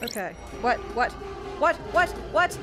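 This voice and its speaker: A woman playing a VR game while commenting live, excitable and often screaming and yelping at the game's characters through her headset mic. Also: a little high, a little slow, music in the background. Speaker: VR gaming YouTuber.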